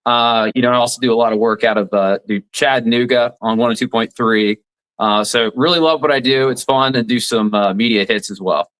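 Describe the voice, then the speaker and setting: A man's voice: medium pitch, a little fast, a bit bright, clear, resonant tone, rough recording. A man in his forties from Alabama, a radio commentator and former attorney, talking through legal issues in a plain, explanatory way during an interview. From southeast Alabama, USA. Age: 40s. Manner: explanatory, many restarts, plain-spoken legal analysis. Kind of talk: casual interview conversation.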